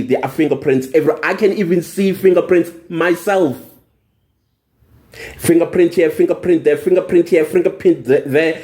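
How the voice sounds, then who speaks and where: A man's voice: sits high, dark tone. A young man venting angrily in a personal vlog, indignant and emphatic, repeating phrases for emphasis. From South Africa. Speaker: vlogger. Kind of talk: angry personal vlog rant.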